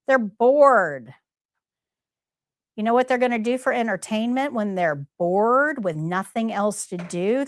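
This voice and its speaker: A woman's voice: a little high, no room sound, clean studio sound. A middle-aged woman teaching a live nursing class, emphatic, repeating key points and quizzing her students. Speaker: nursing instructor.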